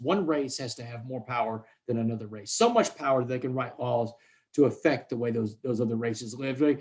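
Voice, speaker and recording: Man, 40s, fairly high voice, emphatic storyteller on a video call. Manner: emphatic, repeats words, addresses listeners as "man" and "y'all". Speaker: guest speaker. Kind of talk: conversational storytelling.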